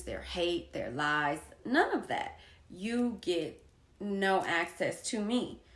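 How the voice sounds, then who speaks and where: A woman in her thirties, an artist and poet, telling a personal story in a blunt, profane way and hammering her points with repetition. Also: on the high side. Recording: echoey room.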